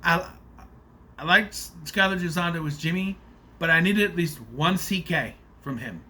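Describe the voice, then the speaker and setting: A man's voice: a little high, moderate pace, bright, forceful tone. A man giving a casual, rambling spoiler review of a movie, nitpicking in an exasperated way with plenty of fillers.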